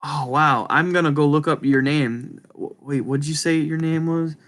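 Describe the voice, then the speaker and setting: A man with a speech impediment chatting casually and rambling to viewers, halting and apologetic, often restarting his words. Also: a little high, fairly even intonation, a bit bright. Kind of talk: casual rambling livestream chat.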